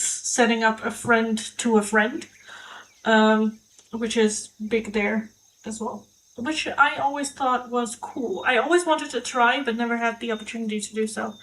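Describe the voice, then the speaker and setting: A woman's voice: a little high, a bit bright, rough recording. A young adult woman hosting a live tarot stream, chatting candidly, swearing freely and laughing often. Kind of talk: casual live-stream chat.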